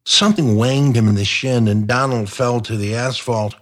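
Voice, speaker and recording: A man's voice: mid-range voice, steady tone, normal speed, fairly bright tone. A man reading a comic crime novel aloud, in a dry, wry storytelling manner. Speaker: narrator. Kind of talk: audiobook narration.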